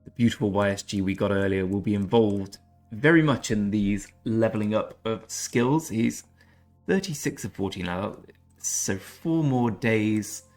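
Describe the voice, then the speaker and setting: A man's voice: on the low side, unhurried, darkish tone, soft background music. A man hosting a gaming channel, giving chatty, self-deprecating commentary over his gameplay.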